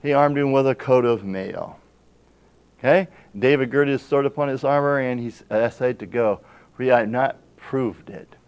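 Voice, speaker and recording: A man delivers a sermon as pastor in a voice of middle pitch. He reads scripture aloud and presses his congregation with emphatic rhetorical questions. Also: moderate pace, clean tone.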